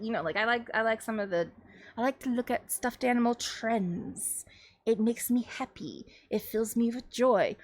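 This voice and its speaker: A young adult woman hosting a livestream, chatting casually in a rambling, animated way and often breaking into laughter. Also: fairly high pitch. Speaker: livestream host. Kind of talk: casual chat.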